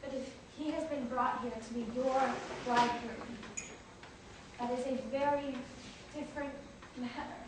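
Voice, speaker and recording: A teen actress as a gentle comforting sister. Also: female voice, high-pitched, fairly even intonation, a little slow. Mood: tender. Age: teenager. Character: earnest young woman comforting her sister. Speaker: student actor. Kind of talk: stage acting in a school play. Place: school theater stage. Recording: echoey stage from far, loud background noise.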